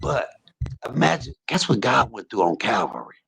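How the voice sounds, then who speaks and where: Gravelly man preaching from a hospice bed. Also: medium pitch, wildly swooping pitch, moderate pace, a bit bright. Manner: gravelly, husky voice, preachy and emphatic. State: in pain. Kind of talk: casual preaching talk. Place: hospice room.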